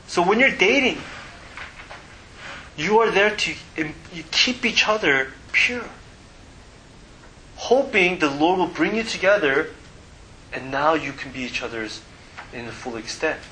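A man preaching a casual sermon, often pausing to ask his listeners to fill in the missing word. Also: a little high, lively intonation, sharp tone, a little hiss or hum, rough recording. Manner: asks the audience to fill in words.

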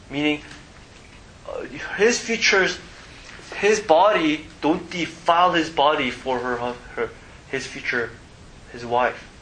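Bright-voiced man preaching a casual sermon. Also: sits high, slight background noise, poor audio. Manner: asks the audience to fill in words.

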